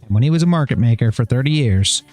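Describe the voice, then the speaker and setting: A man's voice: medium pitch, lively intonation, fast, a little mellow, faint music behind. A middle-aged man hosting a trading livestream, talking casually in a blunt, rambling way, repeating himself and swearing.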